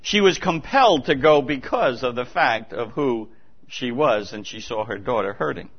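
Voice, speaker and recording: A pastor delivers a sermon in church, earnest and emphatic, repeating key points and restarting phrases as he goes. His voice is mid-range, expressive and slightly rough, at a normal speed. The recording is dull and lo-fi.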